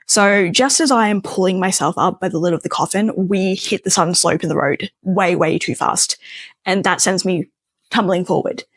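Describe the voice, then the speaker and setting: A young woman with a fairly low voice tells a personal story in casual, chatty fashion, peppering it with fillers. The sound is dry and close, with no room around it. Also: normal speed, no echo.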